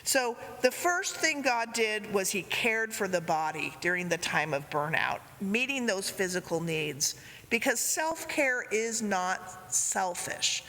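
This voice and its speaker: Bright-voiced woman preaching in a hall. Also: medium pitch, animated, measured pace, hardly any pauses. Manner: gentle storytelling with acted quotes. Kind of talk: sermon. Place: church sanctuary. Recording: reverberant church hall.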